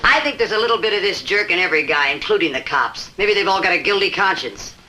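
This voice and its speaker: A woman's voice: lowish voice, animated, quick pace, natural voice. An actress in a 1960s film playing a slangy, coaxing woman who coos and insists. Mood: scornful. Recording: hissy old film soundtrack.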